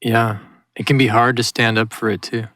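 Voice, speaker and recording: A man's voice: medium pitch, flat delivery, normal speed, a bit bright, dry recording. A man hosting a casual interview, asking questions and giving short, agreeable replies. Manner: brief, agreeable.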